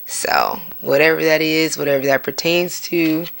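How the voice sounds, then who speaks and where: A woman hosting her podcast, talking casually and candidly, swearing freely and breaking into sudden high outbursts. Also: steady tone, measured pace, vocal fry. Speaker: podcast host. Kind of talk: casual spiritual monologue.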